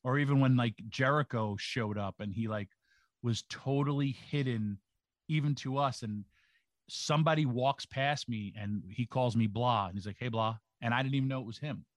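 A man's voice: medium pitch, normal speed, no echo. A man, a wrestler co-hosting a podcast, talking casually and rambling with lots of filler words. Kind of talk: casual chat.

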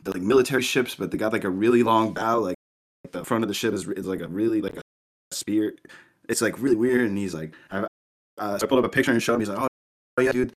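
A man's voice: on the low side, fast. A man co-hosting a podcast, telling a rambling anecdote in casual chat with lots of fillers. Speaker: podcast co-host.

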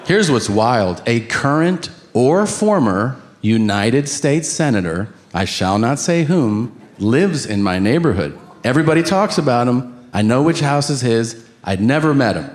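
A man's voice: medium pitch, big pitch swings, a little slow, few pauses. A man doing a stand-up routine, telling a story with quoted dialogue. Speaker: stand-up comedian.

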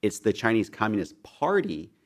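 A young man with a very low, deep voice speaks as an interview guest. He talks earnestly and keeps restarting his phrases. His delivery is serious. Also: very animated, normal speed. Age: young adult. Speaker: foundation leader, guest. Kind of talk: interview discussion.

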